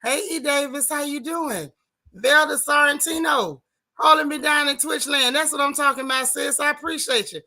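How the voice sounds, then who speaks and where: Bright-voiced woman hosting a livestream. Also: sits high, moderate pace. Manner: lively, Southern-tinged casual talk with chat shout-outs. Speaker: livestream host. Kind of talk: casual livestream chat greeting viewers.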